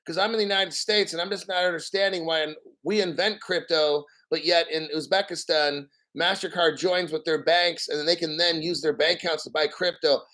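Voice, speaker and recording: A man putting on the voice of a confused newcomer man who keeps asking questions in a quick, puzzled way. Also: a little high, fairly even intonation, sharp tone, rough recording.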